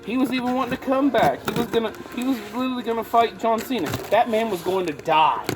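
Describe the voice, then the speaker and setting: A man's voice: extremely high pitch, fast talker, over loud music. A man ranting and mocking in a comic vlog while shopping in a store. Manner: ranting, mocking, jumps into impressions. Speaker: vlogger. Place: store aisle. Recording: noisy store background.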